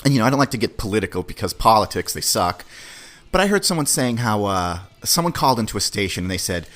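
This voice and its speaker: On his own podcast, a man with a lowish, somewhat bright voice speaks in a very animated, blunt monologue full of opinions, slang and swearing. He acts out little dialogues using quick put-on voices.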